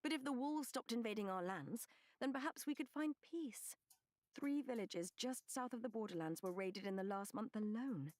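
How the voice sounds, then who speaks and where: A woman reading a first-person novel as an audiobook narrator, measured and expressive. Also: mid-range voice, dry recording, studio quality.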